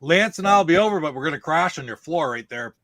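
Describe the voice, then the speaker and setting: A man's voice: on the high side, lively intonation, quick pace, pushed and bright. A man joining a casual live show chat as a guest, cracking playful jokes. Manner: wisecracking, playful.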